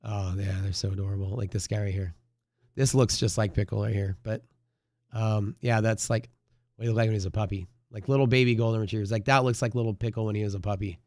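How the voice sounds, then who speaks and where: A man's voice: fairly low pitch, steady tone, fast, a little mellow, no echo, studio quality. A man hosting a live day-trading stream, chatting casually in a rambling way, full of fillers and the odd swear word.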